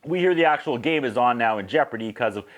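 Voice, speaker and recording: A man from Canada, casually recapping a movie as a reviewer, lively and mimicking sound effects. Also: mid-range voice, fast talker. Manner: animated, mimics whistles and acts out quotes.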